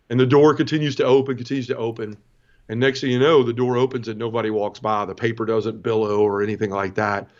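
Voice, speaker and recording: A man's voice: on the low side, darkish tone, dull audio. A middle-aged man from the American South telling an emotional personal story as an interview guest, earnest, with many restarts. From Southern United States.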